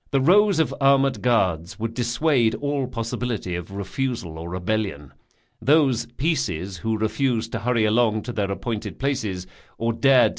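A man narrating a fantasy audiobook in a measured, grave storytelling manner. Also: lowish voice.

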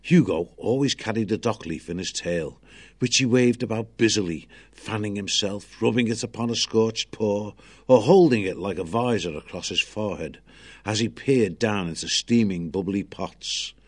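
A man narrating an audiobook in a measured storytelling manner. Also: lowish voice.

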